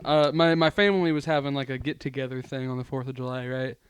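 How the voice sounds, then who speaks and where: A man's voice: medium pitch, fairly even intonation, quick pace, smooth, no room sound. A young man co-hosting a podcast, telling a story in casual chat and laughing often. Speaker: podcast co-host.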